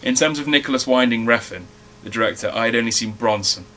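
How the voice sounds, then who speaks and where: A man's voice: medium pitch, quick pace, sharp tone, a little hiss or hum. A man co-hosting a casual film review chat, talking in a chatty way and swearing freely.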